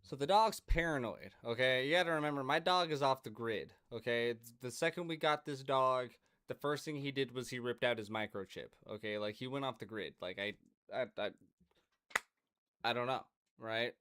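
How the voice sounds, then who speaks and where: A man's voice: medium pitch, moderate pace, fairly bright tone, clear, resonant tone. Rambling, profane male podcast host. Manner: rambling, profane, talks to his dog. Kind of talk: casual rambling monologue.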